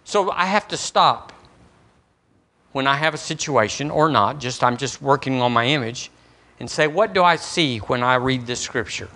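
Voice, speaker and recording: A man's voice: medium pitch, animated, normal speed, bright, forceful tone. A middle-aged man preaching a sermon as pastor, folksy and acting out little dialogues. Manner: folksy, acts out dialogues with God.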